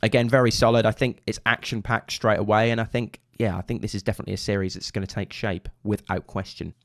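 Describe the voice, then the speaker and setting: A man's voice: lowish voice, steady tone, fast talker, a little hiss or hum. A young man with a Suffolk accent talks casually and rambles while he reacts to music, humming drum rhythms in between. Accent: Suffolk English. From England (Suffolk). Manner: chatty and rambling, enthusiastic bursts, hums drum rhythms. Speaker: drummer reacting to anime openings. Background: faint music from the videos.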